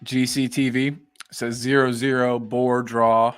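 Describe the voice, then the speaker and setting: A man's voice: mid-range voice, little pitch movement, measured pace, clear, resonant tone, faint music behind. A man co-hosting a casual live-stream podcast, easygoing with teasing banter. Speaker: podcast co-host.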